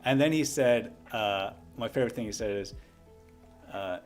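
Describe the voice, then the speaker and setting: A man's voice: mid-range voice, moderate pace, soft background music. Rambling young man telling a story. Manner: rambling, with many restarts and asides. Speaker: livestream host. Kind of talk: casual storytelling on a livestream.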